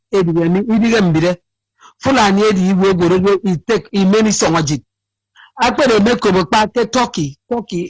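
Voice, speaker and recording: Sleepy caller, high dry voice, rambling, mixes in his dialect. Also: no room sound, low-quality recording. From Akwa Ibom State, Nigeria. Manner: rambling, repeats himself, switches to his dialect. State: sleepy, cracking voice. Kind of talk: phone-in call to a radio show.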